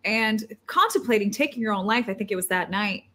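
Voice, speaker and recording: A woman's voice: mid-range voice, expressive, fairly quick, bright, forceful tone. A woman hosting a faith interview, talking in an earnest, emphatic way. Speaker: host.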